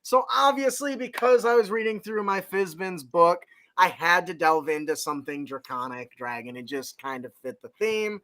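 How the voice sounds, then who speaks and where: Male podcast host, high bright voice, rambling casual delivery, frequent laughs. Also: lively intonation, moderate pace, few pauses. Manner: rambling, self-correcting, laughs often. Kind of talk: casual tabletop game podcast chat.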